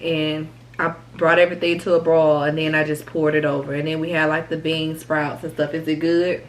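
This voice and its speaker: A woman's voice: deep voice, little pitch movement, a little fast, slight background noise, poor audio. Chatty woman hosting a mukbang. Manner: chatty, talks through meals. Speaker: mukbang host. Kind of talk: casual chat while eating.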